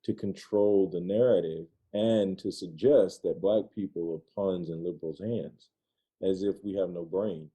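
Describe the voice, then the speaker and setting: A man's voice: sits low, steady tone, a little slow, mellow. A man speaking as a podcast guest, passionate and driving his points home through repetition. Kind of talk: conversational interview.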